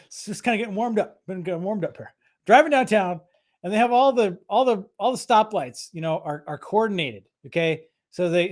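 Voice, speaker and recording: A livestream host telling stories straight to the camera, all loose chatter and doubled-back phrases. The voice sits in a middle pitch, neither high nor low. It is an easygoing, unscripted delivery from a webcam setup at home. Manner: rambling, chatty storyteller with many restarts. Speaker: host of a live creator show. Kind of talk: casual livestream chat.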